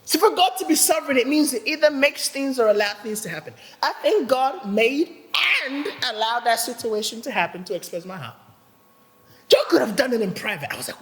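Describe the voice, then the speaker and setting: A man's voice: very high voice, a little fast, in a large hall, slight background noise. A man preaching a sermon, telling a personal story with humor and acting out the voices of others. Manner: animated, acts out quoted voices, laughs often. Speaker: pastor. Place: church hall.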